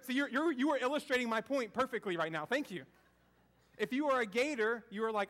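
A man's voice: very high-pitched, lively intonation, a little fast, a bit bright. A man from the American South giving a conversational sermon, asking the congregation questions and repeating key phrases. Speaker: preacher.

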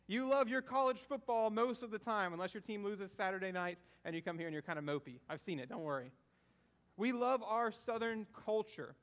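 High-voiced man preaching casually. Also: a bit bright. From American South. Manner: asks the audience questions, repeats key phrases. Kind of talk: conversational sermon.

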